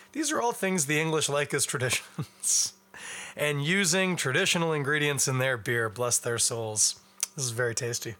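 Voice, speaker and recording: Bright-voiced wry male podcast host. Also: medium pitch. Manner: chatty, wry, rambling with asides. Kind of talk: casual beer review chat.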